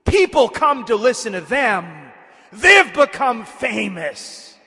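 A priest voicing the devil as a grotesque, spiteful male spirit who mocks and taunts in a loud voice. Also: very high voice, sing-song, slow pace, husky, voice pushed up, exaggerated voice. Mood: taunting. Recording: long hall reverb.

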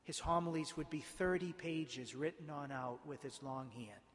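A male priest preaches a homily in a church with a long, ringing reverb. His voice sits high for a man. He moves between quiet narration and impassioned emphasis. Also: moderate pace. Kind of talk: sermon.

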